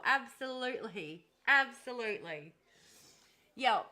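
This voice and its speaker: A woman's voice: sits high, very animated, unhurried, bright, forceful tone. A woman hosting a casual livestream, chatting with her viewers and answering them with frequent laughs and sarcastic asides. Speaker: livestream host reading chat.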